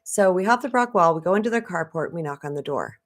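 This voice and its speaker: A woman with a fairly low voice tells a personal story on a live stream. She is a spiritual coach who talks in a chatty, conversational way and speaks straight to her viewers. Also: lively intonation, fast talker. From Arizona.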